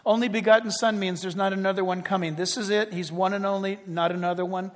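A man preaching a sermon, dramatic, swinging from loud declarations to hushed, near-whispered lines. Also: high-pitched, fairly even intonation, fast, hardly any pauses. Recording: long reverb of a large hall.

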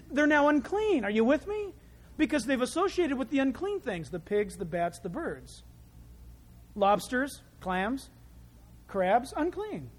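A male preacher giving a sermon, telling the story with lively, animated delivery that swings from loud to quiet. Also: very high voice.

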